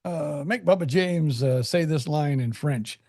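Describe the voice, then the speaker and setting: A man co-hosting a casual podcast, talking in a playful, animated way with some hesitations. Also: a little high, a little slow, dry recording, clean studio sound. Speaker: podcast co-host and radio voice performer. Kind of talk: casual chat.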